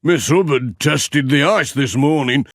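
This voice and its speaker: A man's voice: medium pitch, unhurried, no echo, studio quality, voice pushed up. A man reading aloud and voicing an easygoing, homely older village handyman.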